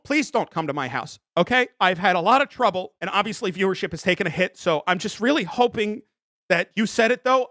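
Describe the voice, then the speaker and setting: A man's voice: high voice, animated, quick pace, fairly bright tone, dry recording, clean studio sound. A young man streaming a comedy bit, rambling defensively through restarts and apologies. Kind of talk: improvised comedy bit as a scandal-hit streamer.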